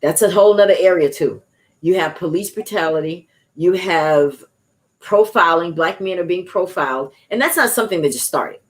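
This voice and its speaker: Woman host, low-pitched, preachy and encouraging delivery, chatty emphasis. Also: moderate pace. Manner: declaring, encouraging, laughing asides. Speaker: talk show host.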